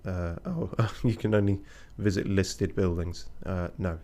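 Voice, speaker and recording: Low-voiced man muttering game commentary. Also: fairly even intonation, a little slow, warm tone. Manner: muttering, wry asides. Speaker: let's play streamer.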